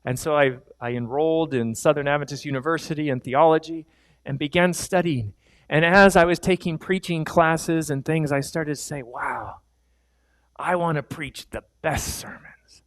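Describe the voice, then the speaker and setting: A middle-aged man preaching in a church, his voice sitting a little high for a man. He tells stories about himself with candid, self-deprecating humor. The sound is dry and close, with no room echo. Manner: candid, self-deprecating storytelling with quick laughs. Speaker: pastor. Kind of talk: sermon with personal storytelling. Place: church sanctuary.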